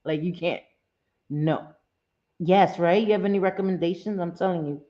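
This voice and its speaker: Talking directly to viewers on her casual livestream, this host often repeats herself and fills pauses with "um." She speaks at normal speed in a lowish voice, captured in dull audio.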